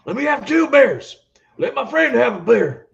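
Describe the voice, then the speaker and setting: A man doing an impression of a gruff male wrestler, barking loud demands. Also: very high-pitched, very animated, moderate pace, dull audio, voice pushed up, full character voice. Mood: shouting.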